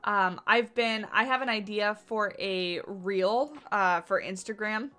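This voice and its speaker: A woman's voice: mid-range voice, slow pace, bright, forceful tone, faint music behind. A tired woman chatting casually and thinking aloud as she builds during a game livestream, greeting viewers by name. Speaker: game streamer. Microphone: desk mic on boom arm.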